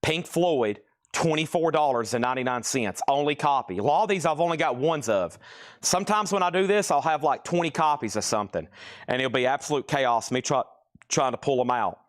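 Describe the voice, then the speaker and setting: A man hosting a live-stream record sale from a record store. He calls out items and prices briskly and repeats the details. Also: medium pitch, animated. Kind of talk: live-stream auction selling.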